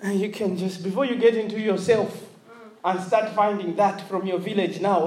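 A woman from Africa preaching a sermon, animated and laughing, often asking the congregation if they follow her. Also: mid-range voice, unhurried, pauses often, reverberant.

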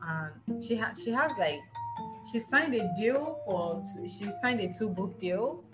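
A woman's voice: medium pitch, animated, measured pace, over loud music. A woman from Nigeria co-hosting a podcast, chatting casually and animatedly about books, laughing often and repeating words for emphasis. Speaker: podcast co-host.

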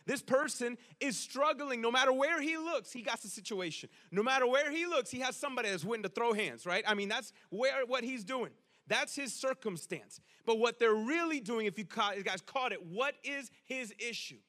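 A male pastor preaching with a high, bright voice. He talks casually, tosses in slang and keeps asking the room "right?". His delivery is lively and conversational rather than formal. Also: moderate pace, few pauses. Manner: conversational, animated preaching with slang and rhetorical questions. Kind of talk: sermon.

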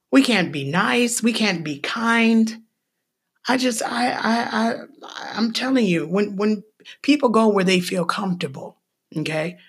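A woman's voice: on the high side, breathy edge. A woman teaching the Bible on a podcast in a casual, emphatic way, firing rhetorical questions and tagging points with "okay?". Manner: ends points with a checking "okay?". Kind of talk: casual preaching.

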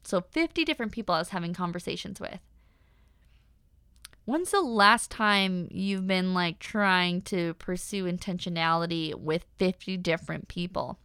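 A woman's voice: on the low side, moderate pace, fairly bright tone, smooth, no room sound, studio quality. A young woman hosting a personal podcast, talking candidly and animatedly with many fillers. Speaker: podcast host.

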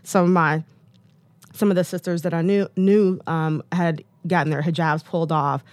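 A woman's voice: lowish voice, steady tone, normal speed, darkish tone, no room sound. A woman in her thirties from the United States, a guest telling personal stories in a candid interview, chatty with lots of "like"s and "um"s. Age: 30s. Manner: chatty, many "like"s and "um"s, acts out quotes.

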